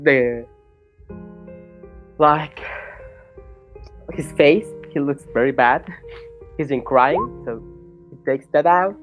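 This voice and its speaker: A tabletop player describing their character's actions in a halting way, with many fillers. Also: mid-range voice, phone-quality sound. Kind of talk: tabletop role-play.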